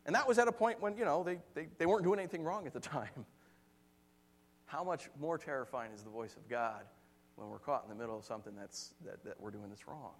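A man preaching a sermon, telling stories with lively acted-out quotes and frequent laughter. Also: medium pitch, brisk, a little hiss or hum. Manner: animated storytelling, acts out quotes, laughs often. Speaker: pastor.

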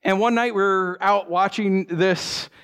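A middle-aged man giving a sermon as a pastor, telling stories with animated energy, acting out scenes with sound effects and often restarting his phrases. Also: sits high, slow, smooth. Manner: repeats words, restarts phrases.

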